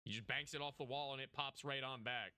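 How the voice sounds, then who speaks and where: A man's voice: mid-range voice, fairly even intonation, a little fast. A young man casually commentating a game match, hyped and joking, talking to chat. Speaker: esports caster.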